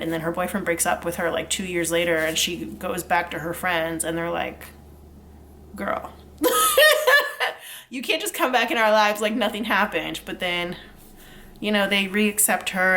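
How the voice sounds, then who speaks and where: Tarot reader young woman, lowish voice, rambling casual chat, faint room noise. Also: fairly bright tone. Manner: chatty, rambling, laughs often, lots of um and like. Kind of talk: casual pick-a-card tarot reading.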